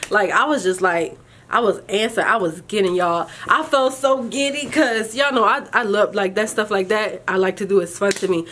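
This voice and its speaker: A young woman talks straight to her viewers, chatty and animated, slipping into colloquial asides and calling them y'all. Her voice sits at an ordinary middle pitch. A faint layer of ambient noise stays underneath her speech. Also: normal speed. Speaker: vlogger. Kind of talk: casual storytelling to camera.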